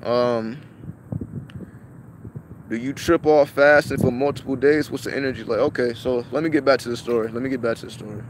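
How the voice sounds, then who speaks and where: A man's voice: medium pitch, fairly even intonation, brisk, noisy background. A man vlogging to his viewers, chatting casually with lots of swearing and repeated restarts. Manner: profane, repetitive, restarts often.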